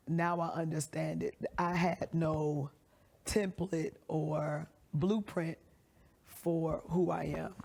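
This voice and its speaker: A woman pastor telling her story in an interview, measured and reflective. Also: low voice, warm tone. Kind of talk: interview answers.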